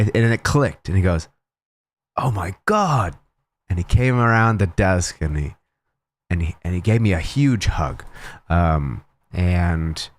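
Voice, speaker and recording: A man with a very low, deep voice chats casually on his livestream. He tells a long, rambling story to his viewers, full of restarts and fillers. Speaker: cosplayer streamer.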